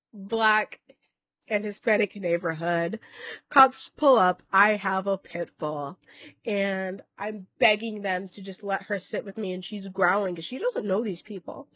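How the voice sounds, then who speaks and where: A woman's voice: medium pitch, measured pace, a bit bright, no room sound. A woman vlogger telling a long personal story in casual talk, rambling, correcting herself and swearing now and then. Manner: acts out other people's lines in quoted voices.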